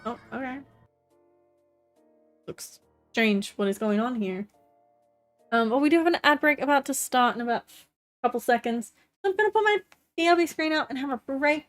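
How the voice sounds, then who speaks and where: A young adult woman streamer giving casual, excitable gameplay commentary, chatty and swearing often. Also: high-pitched, a little fast, soft background music.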